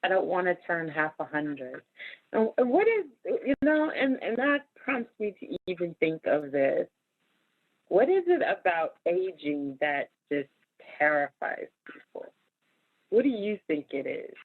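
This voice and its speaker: A woman's voice: lowish voice, big pitch swings, unhurried, dry recording, phone-quality sound. A woman in her forties hosting a podcast, talking in a candid, emphatic, casual way and laughing often. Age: 40s. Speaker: podcast host. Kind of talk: casual chat.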